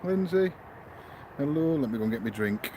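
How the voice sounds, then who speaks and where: Man, casual live-stream host, mid-pitched voice, chatty, greets viewers by name, faint hiss behind. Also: animated, normal speed, warm tone, low-quality recording. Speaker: paranormal investigator streaming live.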